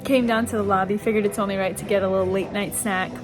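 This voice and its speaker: A woman's voice: medium pitch, fairly even intonation, quick pace, over loud music. A young mother narrating a travel vlog in a playful, upbeat way.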